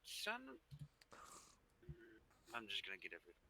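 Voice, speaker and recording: A man's voice: sits low, wildly swooping pitch, moderate pace, bright, forceful tone, a little hiss or hum, poor audio. A man chatting casually during a multiplayer game, listing the parts he still needs.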